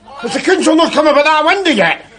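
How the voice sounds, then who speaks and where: An actor playing a gruff, cynical middle-aged Glasgow husband, scornful and blunt, with a Glaswegian accent. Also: male voice, extremely high pitch, big pitch swings, quick pace, fairly bright tone, echoey room, a faint crowd, heavily acted. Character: scruffy, cynical Glasgow street philosopher, adult man. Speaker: layabout husband. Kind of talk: 1990s sitcom acting.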